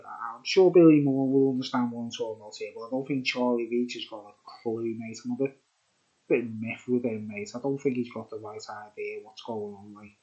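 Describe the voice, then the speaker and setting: This tipsy beer vlogger has a mellow, mid-range voice, captured on dull audio. His on-camera monologue is casual and rambling, full of repetition and constant tags of "mate" and "right?".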